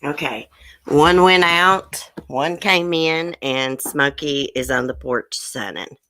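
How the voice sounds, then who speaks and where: Woman, low voice, chatty live stream host, emotional, dry close sound. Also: slow pace, no echo. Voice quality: emotional, soft-hearted. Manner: chatty, greets viewers by name, says y'all. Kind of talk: casual live stream chat.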